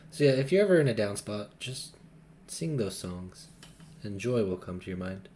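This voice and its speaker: Deep-voiced goofy young man. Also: expressive, normal speed, darkish tone, slight background noise. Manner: goofy, laughs at his own jokes. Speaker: podcast co-host. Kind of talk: casual chat.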